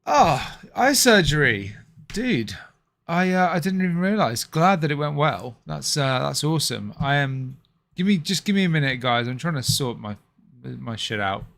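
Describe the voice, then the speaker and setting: A man's voice: a little high, expressive, normal speed, creaky, fairly bright tone. A man hosting a live stream, chatting casually with viewers, muttering and swearing to himself and then apologizing. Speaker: livestream host.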